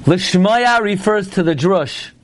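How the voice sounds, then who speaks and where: High-voiced man teaching a prayer class. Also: expressive, slow, a little hiss or hum. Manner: storytelling with sudden high exclamations and Hebrew terms. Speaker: Torah teacher.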